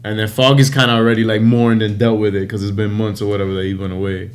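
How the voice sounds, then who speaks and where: Young man, podcast co-host, relaxed, filler-heavy chat. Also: on the low side, fast. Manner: relaxed, loose with filler words. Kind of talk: casual chat.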